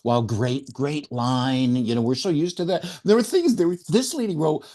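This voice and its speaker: A man's voice: on the high side, moderate pace. A man hosting a podcast, telling stories in a casual conversation and acting out what others said. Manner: animated storyteller, acts out quotes. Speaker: podcast host.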